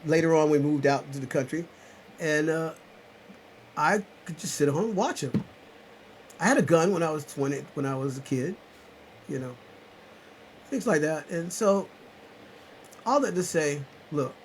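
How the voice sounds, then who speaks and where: A man's voice: on the high side, moderate pace, pauses often, rough recording. Man from South Carolina hosting a live chat from his home computer, rambling and preachy, raised voice, fair hiss. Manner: rambling, swings from loud insistence to muttered asides. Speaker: channel host on a live chat. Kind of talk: rambling preachy livestream talk. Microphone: computer webcam mic.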